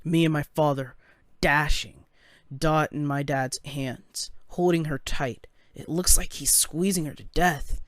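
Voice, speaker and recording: A man narrating a first-person story in a halting, anxious way, stumbling over his words. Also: fairly high pitch, steady tone, no room sound, studio quality. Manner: halting, anxious, with stammered restarts.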